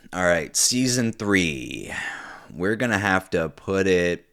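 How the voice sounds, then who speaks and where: Casting: young man, very low voice, loose profane TV-review rambler, lots of ums and restarts. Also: very animated, takes it slowly, fairly bright tone. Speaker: TV show reviewer. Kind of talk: casual unscripted commentary.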